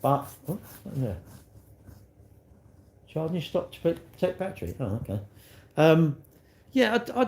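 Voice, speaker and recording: A man's voice: on the high side, very animated, a little slow, pauses often, a little mellow, slight background noise. A man hosting a live stream, chatting in a rambling, self-mocking way and answering viewers.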